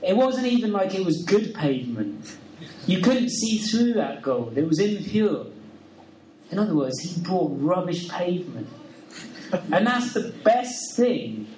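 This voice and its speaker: Male preacher, slightly high voice, earnest, chatty sermon, roomy far-off mic. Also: big pitch swings, a little slow, a little mellow, a little hiss or hum. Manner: earnest, conversational, with rhetorical questions. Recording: roomy sound from a distant mic.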